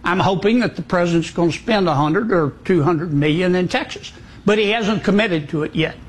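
A man's voice: sits high, fairly quick, husky. A man answering interview questions plainly, with some hesitation.

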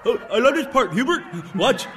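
An eager cartoon sidekick. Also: male voice, extremely high pitch, sing-song, a little fast, music in the background. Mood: excited. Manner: eager, enthusiastic. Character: excitable male sidekick, a big fan.

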